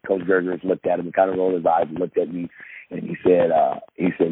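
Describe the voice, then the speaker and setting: Deep-voiced man telling stories over a tinny line. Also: flat delivery, quick pace. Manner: rambling, many fillers and restarts, acts out quotes. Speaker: podcast guest, former pro basketball player. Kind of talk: casual storytelling. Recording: tinny phone-like line with faint noise.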